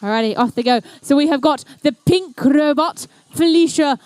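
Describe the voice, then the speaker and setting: A woman's voice: high voice, normal speed, darkish tone, dry recording, clean studio sound. A young woman doing live, playful, chatty commentary at an indoor competition. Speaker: event commentator.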